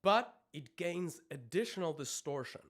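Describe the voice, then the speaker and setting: A man's voice: fairly high pitch, expressive, a little slow, fairly bright tone. A man, a vocal coach, explaining singing technique in a live-streamed lesson, with many ums and restarts as he talks. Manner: explains technique, breaks off to demonstrate screams.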